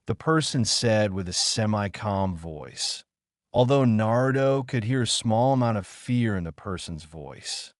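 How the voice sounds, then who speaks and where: Low, animated male story narrator. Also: normal speed, no room sound, studio quality. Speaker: fan fiction narrator. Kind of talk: scripted narration.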